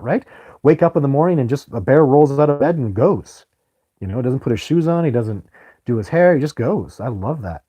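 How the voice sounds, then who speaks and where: A man's voice: lowish voice, warm tone, slightly rough. A man hosting a live stream, answering viewer questions in a rambling, enthusiastic way. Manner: rambling, enthusiastic, often exclaims. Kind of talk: live stream Q&A, casual chat.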